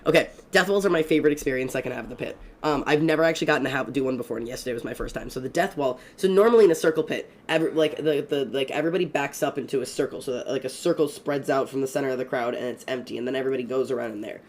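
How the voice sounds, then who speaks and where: A young man streaming a game, telling stories in a fast, rambling, excitable way, swearing often. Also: mid-range voice. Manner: excitable and profane, fast rambling storytelling with many fillers. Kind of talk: casual gaming stream chat.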